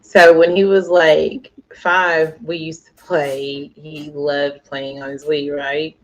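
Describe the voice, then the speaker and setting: A woman's voice: low-pitched, level tone, takes it slowly, poor audio. Chatty woman telling stories. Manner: rambling storyteller, many fillers, laughs often. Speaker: co-host. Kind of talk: casual chat.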